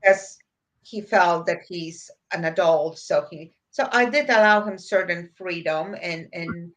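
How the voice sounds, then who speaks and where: A woman's voice: on the low side, a little slow. A middle-aged woman co-hosting a podcast, giving plain-spoken advice in casual chat. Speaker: podcast co-host.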